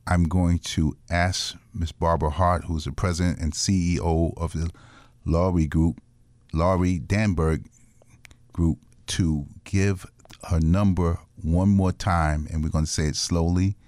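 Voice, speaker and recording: A man's voice: sits low, fairly even intonation, a little slow, a little mellow, dry recording. A man hosting a talk radio show, asking questions plainly and wrapping up the segment.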